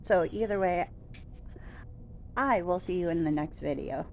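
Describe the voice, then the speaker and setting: A woman's voice: on the low side, unhurried, a little hiss or hum. A woman telling a story in a casual vlog, acting out the people she quotes. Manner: animated retelling, quoting others in raised voice. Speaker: vlogger.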